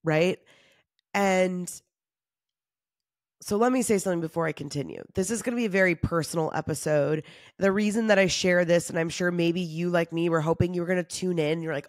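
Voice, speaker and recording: The podcast host talks alone and frankly, sounding run down and tired, with the occasional laugh and swear. Her fairly low voice moves briskly, and the clean studio sound has no room sound.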